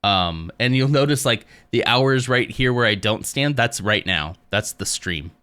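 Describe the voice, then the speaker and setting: A man's voice: mid-range voice, a little slow. A man streaming live from his home office, chatting casually and rambling a little as he talks to his viewers. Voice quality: smooth voice. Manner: rambling, relaxed, talks to chat.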